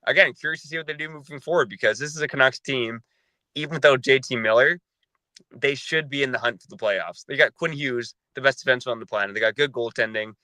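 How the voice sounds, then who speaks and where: Guy breaking down a hockey trade calmly, very bright tone, dry mic. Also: medium pitch, no echo, poor audio. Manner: measured, analytical, steady. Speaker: podcast host. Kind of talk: sports analysis podcast chat.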